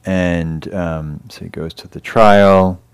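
A man with an English accent giving a dharma talk as a meditation teacher, gentle and halting, pausing and restarting as he tells a story. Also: low voice, steady tone, clean tone. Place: meditation hall class.

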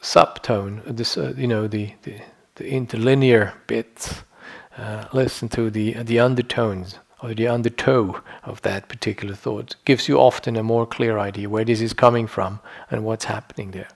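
A man's voice: lowish voice, steady tone, moderate pace, gravelly, few pauses. A middle-aged man giving a meditation teaching, reflective and conversational, often checking in with "you know" and "yeah". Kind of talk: dharma talk.

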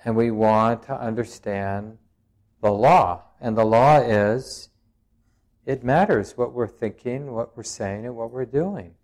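Reflective man giving a dharma talk. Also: mid-range voice. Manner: reflective, searching phrasing with frequent pauses; plain-spoken and gently humorous. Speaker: meditation teacher.

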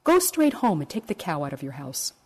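A woman voicing a calm, wise male rabbi who gives measured instructions in a told story. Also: sits low, breathy edge, heavily acted. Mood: instructing.

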